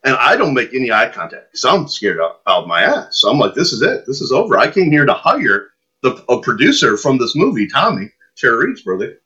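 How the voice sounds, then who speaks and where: Husky, animated male storyteller. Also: medium pitch, brisk. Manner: animated storyteller, acts out his own lines. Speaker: podcast guest. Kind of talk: casual anecdote telling. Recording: muffled lo-fi podcast audio.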